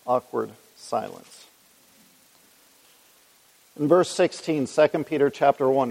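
A man's voice: mid-range voice, normal speed, creaky, a little mellow. A man teaching through a Bible passage in a conversational way, reading scripture aloud and putting questions to his listeners. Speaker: preacher. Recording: long reverb of a large hall.

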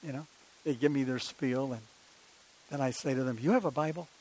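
A man's voice: mid-range voice, brisk, a little mellow, low-quality recording. An older man, preaching a sermon in a conversational style with many rhetorical questions and personal stories.

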